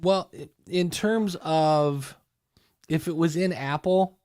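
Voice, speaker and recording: A man's voice: fairly high pitch, slow, a little mellow, dry recording, studio quality. A man hosting a podcast, chatting casually and joking through rambling explanations. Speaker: podcast host. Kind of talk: casual chat.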